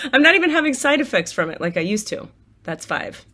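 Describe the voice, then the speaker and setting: A woman's voice: high-pitched, big pitch swings, moderate pace, bright, forceful tone, a little hiss or hum. A woman talking casually to her viewers from home, candid and chatty, swearing freely and laughing often as she leads a gratitude list. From United States. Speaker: spiritual coach and tarot reader. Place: apartment at home.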